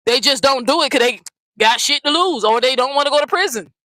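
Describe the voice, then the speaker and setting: A woman's voice: sits high, brisk, pushed and bright, dry recording, low-quality recording. A woman hosting a commentary channel, ranting bluntly and profanely, often repeating herself. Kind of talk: heated casual commentary rant.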